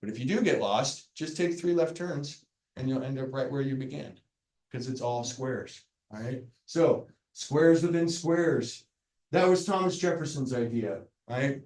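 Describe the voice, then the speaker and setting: A man delivers a university classroom lecture in a casual, joking style, frequently checking in with "right?". His mid-range voice is unhurried and a little mellow, picked up off mic from a distance in an echoey lecture hall.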